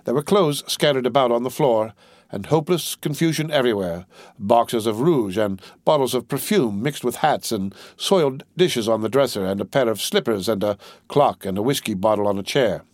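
A man narrating an audiobook in a steady, measured reading. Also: medium pitch, no echo.

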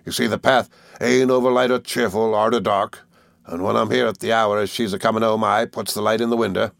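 A man voicing a hearty, jovial old fisherman with a broad rustic dialect and booming laughs. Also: fairly even intonation, a little fast, creaky, no echo, clean studio sound.

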